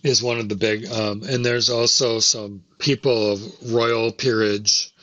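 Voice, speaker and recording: A man's voice: on the low side, fairly even intonation, a little slow, sharp tone, no room sound, dull audio. A man co-hosting a podcast, explaining history at length in a casual, talkative way. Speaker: podcast co-host. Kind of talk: casual chat.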